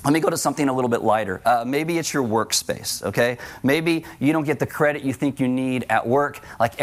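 A middle-aged man preaching a sermon to a congregation, conversational, with joking asides. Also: mid-range voice. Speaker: pastor.

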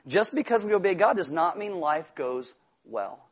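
Husky, high-voiced preacher man. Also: moderate pace. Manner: animated, jokey, acts out voices in quotes. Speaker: pastor. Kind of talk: sermon.

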